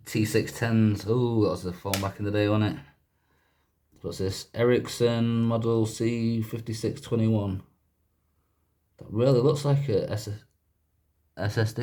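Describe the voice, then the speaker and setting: A man with a lowish voice chats his way through taking a gadget apart. He rambles and keeps stopping to correct himself. His manner stays relaxed and offhand. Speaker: YouTuber doing a gadget teardown. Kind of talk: casual teardown commentary.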